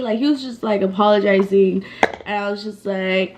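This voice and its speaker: A woman's voice: fairly high pitch, a little fast, a little hiss or hum. A woman in her twenties telling a casual storytime vlog in a chatty, slangy way, with lots of fillers and swearing. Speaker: vlogger.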